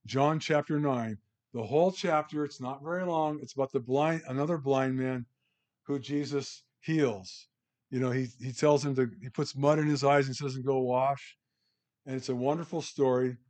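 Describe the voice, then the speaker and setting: A man's voice: mid-range voice, fairly even intonation, moderate pace, darkish tone. A middle-aged man leading a Bible study from a worksheet, talking conversationally, restarting sentences and reading scripture aloud with emphasis.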